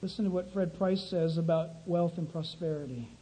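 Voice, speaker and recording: Man, high husky voice, indignant commentary, scripture reading. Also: steady tone, a little fast, warm tone, faint music behind, low-quality recording. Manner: indignant, emphatic. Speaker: host critiquing preachers.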